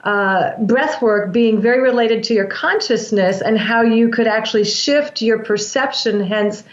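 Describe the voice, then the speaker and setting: Speaking unhurriedly in a slightly high voice, a breath work practitioner earnestly describes what she does during an interview, often starting her sentences over. The sound is echoey and dull with a lo-fi quality.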